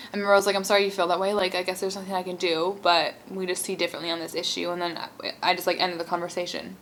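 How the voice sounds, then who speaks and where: A young woman with a slightly low voice tells a story in a relaxed vlog. Her talk is chatty and full of "like"s, with an exasperated edge. A faint hum sits behind her. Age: young adult. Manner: chatty, heavy use of "like", exasperated. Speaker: vlogger. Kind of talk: casual storytime while eating.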